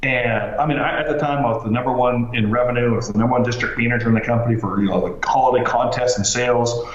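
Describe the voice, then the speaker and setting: A man telling his story as a podcast guest, animated, with lots of fillers and restarts. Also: mid-range voice, quick pace. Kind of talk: casual storytelling interview. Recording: roomy, slightly dull sound.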